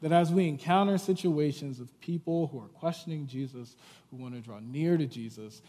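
A man preaching a sermon in a conversational way, often checking in with his listeners and pausing on fillers. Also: a little high, mellow. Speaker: pastor. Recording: long hall reverb.

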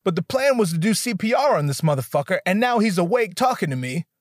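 A young man doing stand-up storytelling, animated and profane, jumping into voices for the people he quotes. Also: sits high, fast talker, no room sound, clean studio sound. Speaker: stand-up comedian.

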